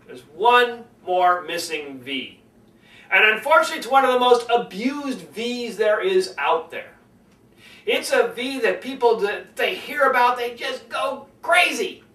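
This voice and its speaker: A man coaching public speaking in a lively lesson, demonstrating different tones of voice as he explains. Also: high voice, unhurried, reverberant, recorded from a distance, poor audio. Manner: animated, demonstrates tones by acting them out.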